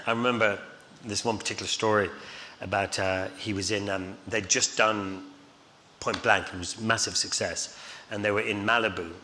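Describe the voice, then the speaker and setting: Bright-voiced man telling stories. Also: on the low side, steady tone, normal speed. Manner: rambling, chuckling, many fillers. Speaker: guest. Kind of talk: anecdotal storytelling on stage. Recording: reverberant hall, faint noise.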